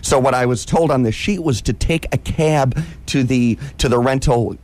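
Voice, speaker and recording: A man telling a comic travel story in a casual chat, animated and excitable, often mimicking other people's voices. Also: mid-range voice, normal speed. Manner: self-described impatient, excitable.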